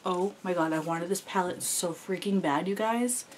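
A young woman vlogger gushing excitedly as she unboxes gifts, full of "like" fillers. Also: lowish voice, moderate pace, slight background noise, rough recording. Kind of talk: gift unboxing chat.

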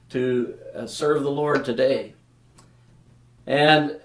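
A man from Canada preaching a sermon as a pastor, speaking in an unhurried, earnest way with some fillers and restarts. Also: mid-range voice. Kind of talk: sermon with scripture reading and prayer. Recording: roomy echoing church sound.

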